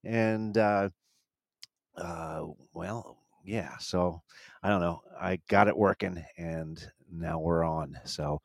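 A man's voice: deep voice, slow pace, vocal fry, dry recording, low-quality recording. A man hosting a casual live podcast, rambling with many restarts and easy laughter. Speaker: podcast host. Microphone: handheld mic.

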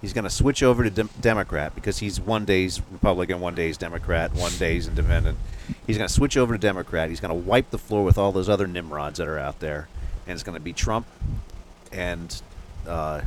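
A man's voice: sits low, brisk, slight background noise. A man co-hosting a casual podcast, rambling and chuckling as he talks. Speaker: podcast co-host. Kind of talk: casual chat.

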